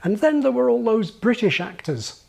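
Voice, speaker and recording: A man giving scripted narration for a video essay, measured and explanatory. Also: very high voice, big pitch swings, gravelly, a little mellow, soft background music.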